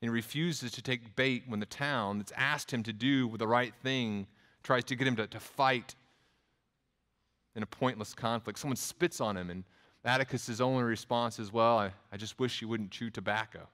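Male Texan preacher, mid-pitched, chatty sermon delivery, long room reverb. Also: normal speed, fairly bright tone. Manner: conversational preaching with restarts and quoted asides. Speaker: pastor.

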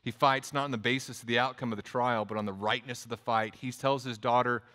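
Male Texan preacher, mid-pitched, chatty sermon delivery, long room reverb. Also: steady tone, fast talker, pushed and bright. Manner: conversational preaching with restarts and quoted asides. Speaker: pastor.

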